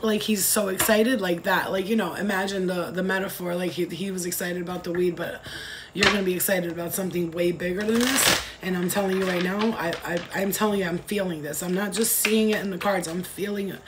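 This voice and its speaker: A woman giving a casual tarot reading to camera, excitable and exclamatory, swearing freely. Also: lowish voice, normal speed. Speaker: tarot reader. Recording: noisy recording with clicks.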